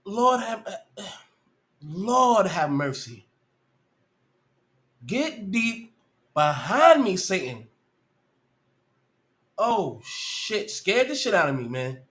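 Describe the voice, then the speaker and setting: A man hosts a live reaction stream. He talks in a slow, unhurried drawl that suddenly jumps into loud, shocked yelps and curses. His pitch swings widely between low mutters and high cries. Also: very animated. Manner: loud shocked outbursts, heavy cursing. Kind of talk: casual reaction commentary.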